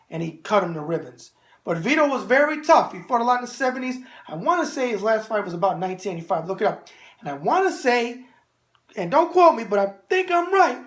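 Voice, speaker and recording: A middle-aged man with a New York accent hosting a boxing show, answering viewer mail in brash wise-guy banter. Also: sits high.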